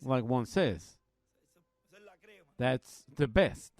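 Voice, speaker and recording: A man preaching a Bible study, slowly retelling a story and quoting others in a plain, folksy way. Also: mid-range voice, expressive, darkish tone.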